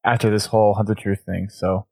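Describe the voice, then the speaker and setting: A man hosting a casual podcast, excitable, laughing often and trailing off mid-sentence. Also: fairly low pitch, a little fast, vocal fry, husky, no room sound, clean studio sound. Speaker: podcast host.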